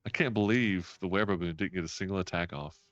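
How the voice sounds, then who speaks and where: A man running a tabletop role-playing game as game master, animated and often laughing. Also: deep voice, fast, dry recording, muffled recording. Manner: animated, laughing, counting out moves.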